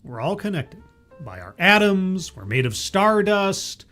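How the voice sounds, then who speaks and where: A man comments casually on a talk he is watching, his voice sitting slightly high. He rambles, restarts his sentences and drops in jokey asides. Soft music plays faintly under him. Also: big pitch swings, measured pace.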